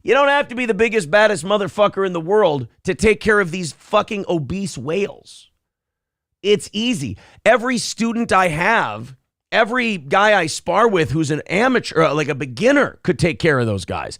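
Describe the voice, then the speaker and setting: Male host, brash and taunting, lively swinging pitch, dry close sound. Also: normal speed, no room sound. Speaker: show host. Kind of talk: live-stream chat reading.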